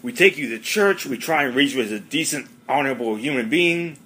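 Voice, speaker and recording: A man voicing a gruff, exasperated middle-aged sitcom dad who scolds his son sarcastically. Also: mid-range voice, lively intonation, brisk, sharp tone, pitched above the performer's own voice, low-quality recording. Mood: scolding.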